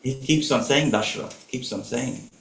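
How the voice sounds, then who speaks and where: A man's voice: mid-range voice, measured pace, creaky, slight background noise. A man telling a scripture story at a home gathering, earnest and often restarting his phrases. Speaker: spiritual storyteller. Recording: echoey room.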